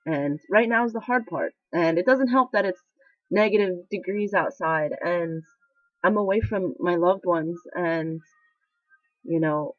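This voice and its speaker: A young woman in military training talks candidly in a casual confessional vlog, rambling and emotional with many fillers. Her voice is fairly low and measured, with no room sound, and the recording is dry with a slightly dull lo-fi quality.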